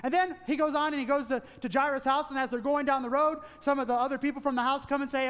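A man preaching a sermon as pastor, earnest, building into emphatic lists and dropping to hushed asides. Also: very high voice, fast, few pauses. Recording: long church reverb.

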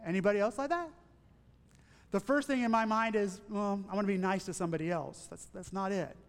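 A man preaching a sermon as pastor, earnest, building into emphatic lists and dropping to hushed asides. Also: high-pitched, a little fast, clean tone. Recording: long church reverb.

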